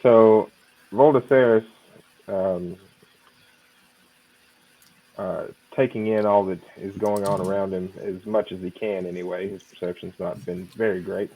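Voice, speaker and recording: A man describes his character's actions in a tabletop game, deliberate and a little hesitant. His voice sits fairly low, and the audio sounds dull and lo-fi. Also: steady tone. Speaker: player.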